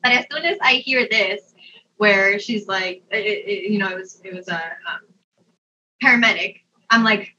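A young adult woman telling a personal story in a casual, animated way, laughing often and using lots of fillers. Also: medium pitch, normal speed. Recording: dull, distant mic sound.

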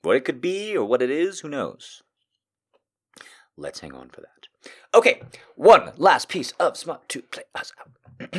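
Guy streaming to chat, voice jumps all over, soft and sincere then loud and jokey. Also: medium pitch, huge pitch swings, measured pace, long pauses, slightly rough. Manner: swings between soft earnest pep talk and loud joking rants. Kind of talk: casual live-stream chat and reading aloud.

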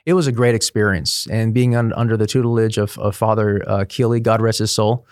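A man's voice: on the low side, steady tone, fairly quick, darkish tone, no echo, studio quality. A middle-aged man, a priest, telling stories in a casual interview, chatty, laughing often and restarting his sentences. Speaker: priest guest.

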